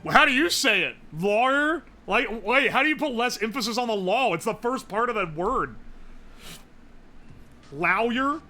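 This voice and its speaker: Bright-voiced, rambling, profane streamer. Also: male voice, very high voice, lively intonation, fairly quick, few pauses, faint music behind. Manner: rambling, profane, answering chat. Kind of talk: casual live-stream chat.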